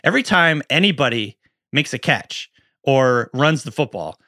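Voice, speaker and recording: A man's voice: medium pitch, expressive, moderate pace, sharp tone, no room sound, clean studio sound. A man co-hosting a casual sports podcast, acting out his own reactions as he tells stories. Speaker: podcast co-host. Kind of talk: casual chat.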